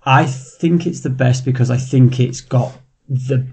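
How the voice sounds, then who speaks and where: A man's voice: mid-range voice, measured pace, darkish tone. Easygoing man co-hosting a podcast. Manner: easygoing, repeats words while building a point. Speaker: podcast co-host. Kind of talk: casual film-review chat.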